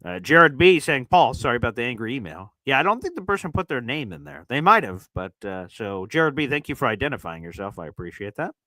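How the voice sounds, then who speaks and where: A man's voice: medium pitch, very animated, a little fast, hardly any pauses, no echo, low-quality recording. A man hosting a casual live sports stream, reading super chats aloud in a loose, chatty way with lots of fillers. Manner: loose, chatty, many fillers, shifts from loud to muttering. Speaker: sports podcast host.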